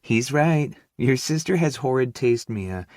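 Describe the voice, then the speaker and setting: A man's voice: medium pitch, lively intonation, a little mellow, no echo, clean studio sound, voice pushed up. A man voicing a teasing, affectionate middle-aged mother with a Southern drawl. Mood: amused. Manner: drawn-out, playful teasing.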